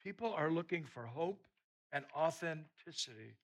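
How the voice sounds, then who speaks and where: A man preaching a sermon, telling a personal story in a lively way and often repeating words. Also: fairly high pitch, moderate pace.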